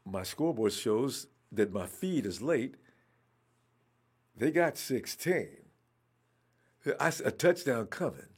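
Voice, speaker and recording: Husky, lively-pitched man reacting to football. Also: slow, pauses often. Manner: excitable, talks at the screen, trash-talks players. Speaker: football fan watching a game. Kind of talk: live game watch-along reaction.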